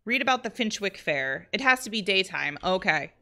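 A woman streaming a life-simulation game, chatting excitedly with her viewers as she plays. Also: mid-range voice, normal speed. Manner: bubbly, excitable, chatty with chat. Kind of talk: live-streamed game commentary.

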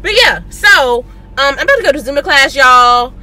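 Chatty young woman vlogging, bright voice. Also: high voice, expressive, moderate pace, slight background noise. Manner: chatty, laughs often, addresses viewers as y'all. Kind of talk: casual vlog chat.

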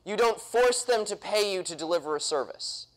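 A man's voice: high-pitched, lively intonation, moderate pace, low-quality recording. A young man speaking at a political convention, punchy and quizzing the audience with questions. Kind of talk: political talk to a live audience. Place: convention hall.

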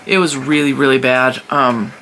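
A woman's voice: a bass voice, level tone, normal speed, fairly bright tone, a little hiss or hum. A woman vlogging casually at her desk, chatty and rambling with frequent laughs, sounding stuffy from allergies. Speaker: crochet channel vlogger. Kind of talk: casual chat vlog.

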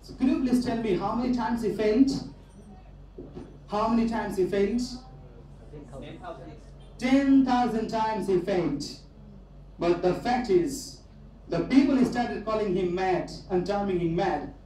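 A man's voice: high voice, measured pace, pauses often, warm tone. A man from Bangladesh with a Bangladeshi accent, giving a motivational speech to students and repeating his key phrases for emphasis. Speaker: guest speaker addressing students. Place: large echoey university hall. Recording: echoey hall, distant mic, faint background noise.

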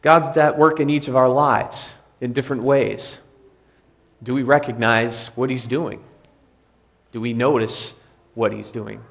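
A pastor giving a sermon in a church, speaking conversationally and repeating key phrases for emphasis. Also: male voice, medium pitch, steady tone, a little slow, vocal fry, long pauses, fairly bright tone. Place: church sanctuary.

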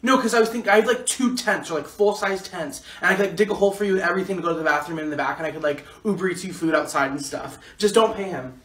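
Young male skit comic, blunt and dismissive, rapid delivery, roomy echo. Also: high-pitched, a bit bright. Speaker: comedy skit creator. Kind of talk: POV comedy skit acting.

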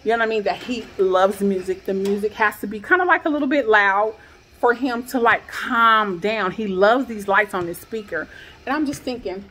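A woman in her thirties telling an upset personal story in a vlog from her garage, her voice rising into pained, near-shouted questions. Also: mid-range voice, normal speed, slight background noise. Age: 30s. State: shaken. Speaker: vlogger.

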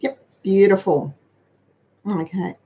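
A woman's voice: mid-range voice, slow, dark tone, dull audio. A middle-aged woman hosting a casual live chat, practical and talkative as she answers viewers. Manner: chatty, practical, reads out viewer comments. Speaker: host of a money-saving livestream.

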